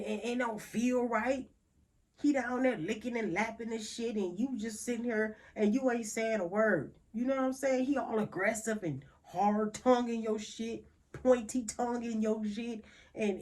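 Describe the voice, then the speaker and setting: Young woman host, blunt and profane, unhurried delivery. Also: a little high, a little mellow. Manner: blunt, profane, laughing, emphatic repetitions. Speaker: podcast host. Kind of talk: frank casual monologue.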